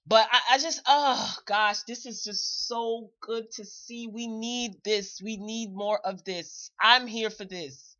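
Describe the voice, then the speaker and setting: A woman running a live commentary show addresses viewers directly in a chatty way, repeating phrases for emphasis. Her voice is medium-pitched and fairly bright, recorded dry with the highs cut off.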